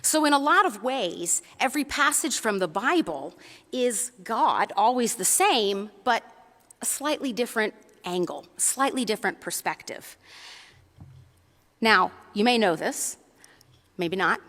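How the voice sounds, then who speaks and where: A woman preacher delivering a sermon in a friendly, storytelling way, tossing questions out to her listeners. Her voice is bright and a little high. It rings with the long reverb of a church. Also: animated, a little slow. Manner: conversational, storytelling, asks the congregation questions.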